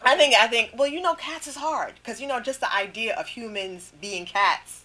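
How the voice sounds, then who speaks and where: A woman hosting a casual entertainment chat, animated and expressive. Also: fairly high pitch, normal speed, a little hiss or hum. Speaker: host.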